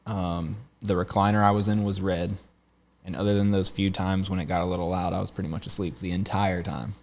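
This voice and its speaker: A man's voice: low-pitched, flat delivery, brisk. A man in his thirties hosting a podcast, telling long casual stories and laughing often. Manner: rambling storyteller, laughs often. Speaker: podcast host. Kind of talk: casual chat.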